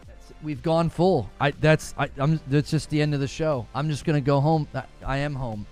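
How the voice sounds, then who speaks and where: A man hosting a gaming show from home, chatting live with viewers in an animated, incredulous, rambling way. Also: on the high side, moderate pace, hardly any pauses, soft background music. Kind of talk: live-stream chat answering viewers.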